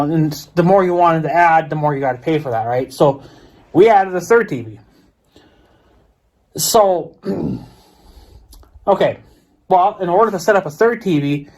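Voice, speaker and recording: A man with an American accent ranting to camera in a vlog, profane, exasperated and repetitive. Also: fairly high pitch. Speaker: vlogger. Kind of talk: ranting monologue.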